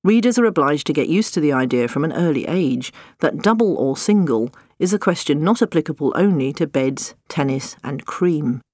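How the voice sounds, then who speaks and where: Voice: medium pitch, animated, moderate pace, hardly any pauses, darkish tone, no room sound. A narrator reading scripted nonfiction with wry, dry humor.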